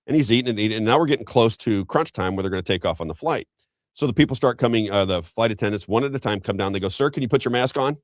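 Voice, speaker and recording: A middle-aged man hosting a talk show, telling a story in a rambling, animated way with frequent restarts. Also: on the low side, very fast, dry recording. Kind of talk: casual storytelling commentary.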